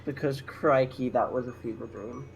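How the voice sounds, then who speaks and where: A woman's voice: rumbling low, normal speed, soft background music. A woman chatting casually and giggling with a streamer over a voice call. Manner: giggly and animated. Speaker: guest on call.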